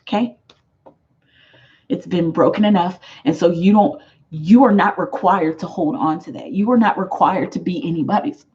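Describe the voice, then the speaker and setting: A woman's voice: lowish voice, moderate pace, darkish tone, muffled recording, a little hiss or hum. A woman giving a live tarot reading to her viewers, emphatic and affectionate, repeating her phrases for weight. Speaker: tarot reader.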